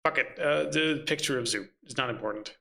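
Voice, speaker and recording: A man's voice: mid-range voice, brisk, creaky, sharp tone. A man running a tabletop game, muttering and swearing to himself as he hunts for his notes. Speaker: game master.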